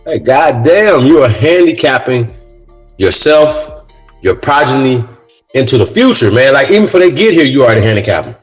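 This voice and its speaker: A man's voice: medium pitch, expressive, moderate pace, soft background music, poor audio. A man hosting a casual talk show, speaking in a loose monologue that keeps landing on "man" and "right?", and getting heated as he goes. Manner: says "man" and "right?" often; gets heated. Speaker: podcast host.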